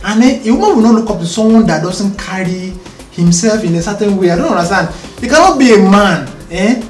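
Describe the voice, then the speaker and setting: A man speaks in a high register, calm and earnest, often checking that he is followed. His voice sits some way from the mic in a roomy space, with faint music underneath. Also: a little fast, distant mic. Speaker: podcast co-host and husband. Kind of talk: casual conversation.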